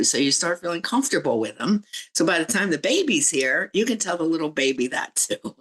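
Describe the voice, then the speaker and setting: A woman's voice: low voice, lively intonation, a little fast, a bit bright, poor audio. Woman, podcast guest, candid reflective storyteller. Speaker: guest, relationship coach and author.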